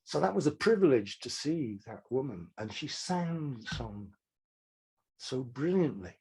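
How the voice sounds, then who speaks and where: Brief: older man, husky voice, frank storyteller who restarts his sentences. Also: mid-range voice, sing-song, measured pace, darkish tone. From Manchester, England. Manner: rambling anecdotes with restarts, frank. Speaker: songwriter guest. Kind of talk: casual interview storytelling.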